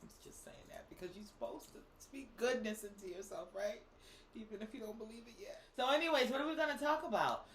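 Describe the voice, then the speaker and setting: Boston woman co-host, animated chat, laughs a lot, mid pitch, roomy room with faint hiss. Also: quick pace. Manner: animated, laughs often, drops Spanish exclamations. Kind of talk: casual mukbang chat.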